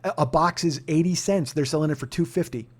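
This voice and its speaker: A podcast host in his forties tells a story with plenty of swearing and mock outrage. His voice sits a little high for a man and keeps rising into shouted rants. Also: a little fast. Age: 40s. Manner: profane ranting that climbs into shouting. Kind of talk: casual comedic storytelling.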